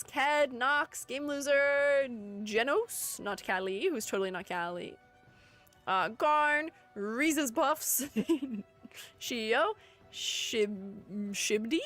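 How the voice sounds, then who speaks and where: A woman's voice: high voice, fairly bright tone. A woman streamer in casual livestream chat, playful and chatty, reading her viewers' messages aloud and answering them. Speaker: streamer ranking game character designs.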